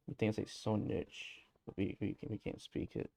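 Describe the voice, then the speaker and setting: A man giving casual gameplay commentary on a stream, low-key and subdued, muttering playful sing-song asides. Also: fairly even intonation, brisk, gravelly, hardly any pauses, warm tone, dry recording.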